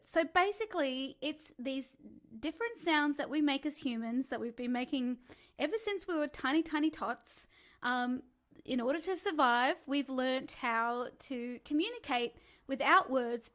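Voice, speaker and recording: A woman with a high-pitched, somewhat bright voice teaches a live-streamed singing lesson. She's a chatty, encouraging singing coach who demonstrates vocal sounds such as sighs, whimpers, and calls.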